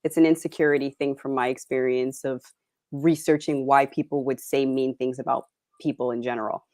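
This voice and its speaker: A young woman from Canada, an actress guest in a casual interview, talking in an animated way, laughing often and dropping in British slang. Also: a bass voice, a little fast, no echo, clean studio sound.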